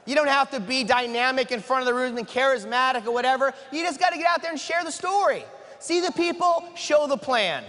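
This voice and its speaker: High-voiced man speaking in a reverberant hall. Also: fast talker, few pauses. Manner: energetic, asks the room questions, acts out dialogue. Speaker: motivational speaker. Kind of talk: motivational talk to an audience.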